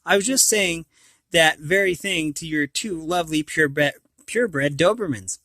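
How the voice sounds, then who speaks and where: A man's voice: a little high, moderate pace, sharp tone, no echo, studio quality. A man reading a storybook aloud, voicing a nervous male debtor who chatters and stammers. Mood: nervous cheer.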